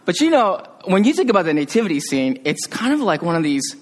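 A man preaching a conversational sermon as pastor, joking with the congregation and dropping to a hush on solemn phrases. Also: high voice, very animated, fast talker, hardly any pauses. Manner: conversational, jokey, with restarts and sudden quiet hushed drops.

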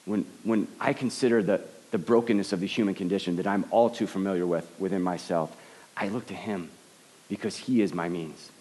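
A man's voice: sits low, fairly even intonation, fairly quick, a little mellow. A man giving an earnest sermon as a pastor, often stumbling and repeating words as he starts a thought. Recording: long hall reverb.

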